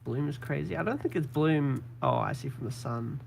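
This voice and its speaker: A man's voice: medium pitch, moderate pace, gravelly, breathy edge. A man playing an online shooter, chatting casually and mocking himself as he plays. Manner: self-mocking, laughing along. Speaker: game player. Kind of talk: casual gaming voice chat.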